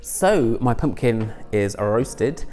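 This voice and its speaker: A man's voice: mid-range voice, expressive, takes it slowly, darkish tone, faint music behind. A man chatting casually through a home cooking video, rambling with self-mocking asides. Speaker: home cook and channel host. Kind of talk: casual cooking vlog chat.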